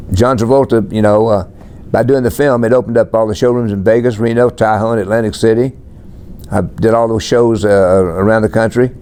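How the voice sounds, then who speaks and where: Man, 80s, deep-ish and warm, unhurried plainspoken interviewee. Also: clear, resonant tone. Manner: laid-back, plainspoken, lists things matter-of-factly. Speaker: country singer being interviewed. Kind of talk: relaxed storytelling interview.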